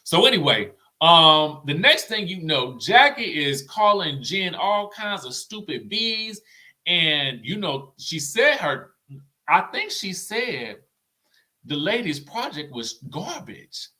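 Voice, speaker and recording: A man hosting a casual reality-TV recap, chatty and animated, often tagging his sentences with "okay?" and "you know what I'm saying?". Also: a little high, takes it slowly. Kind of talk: casual commentary vlog.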